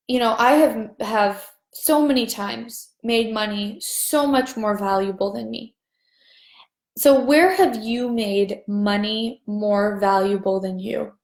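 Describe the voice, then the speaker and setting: A woman facilitator hosting a casual livestream, chatting brightly and slowing down to recite repeated clearing phrases. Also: fairly high pitch. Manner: bubbly and chatty, slows down for repeated clearing lines. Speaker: Access Consciousness facilitator. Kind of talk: livestream chat with chanted clearing statements. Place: home livestream set-up. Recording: roomy echo.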